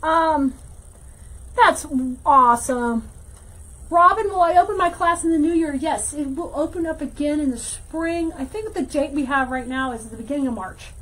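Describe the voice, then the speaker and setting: A woman hosting a casual livestream craft tutorial, chatting with viewers and thinking out loud as she works. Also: sits high, moderate pace, poor audio. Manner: chatty, reads viewer comments aloud, thinks out loud while working. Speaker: wreath-making teacher and livestream host.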